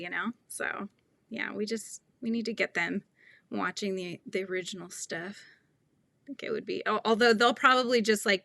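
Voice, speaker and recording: A woman's voice: mid-range voice, vocal fry, fairly bright tone, no room sound. A woman in her thirties hosting a crochet tutorial stream, chatting casually and laughing often as she reads viewer comments. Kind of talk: casual livestream chat while crocheting.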